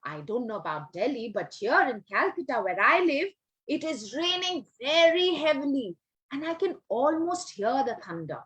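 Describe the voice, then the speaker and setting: A woman telling a story to young children on a video call, animated and coaxing, asking them questions as she goes. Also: high voice, normal speed, husky. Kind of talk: online storytelling workshop.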